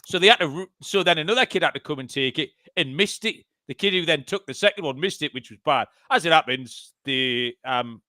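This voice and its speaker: A man's voice: on the high side, animated, brisk, few pauses, sharp tone, dry recording, studio quality. A man co-hosting a betting podcast in casual chat, joking and swearing. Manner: swears, laughs often, jokey. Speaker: podcast co-host.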